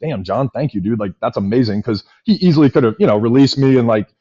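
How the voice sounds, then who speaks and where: Fast-talking man telling stories, lo-fi. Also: medium pitch, dry recording. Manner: rapid, animated storyteller with many fillers. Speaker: podcast guest, former pitcher. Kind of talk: casual storytelling chat. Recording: dull lo-fi podcast audio.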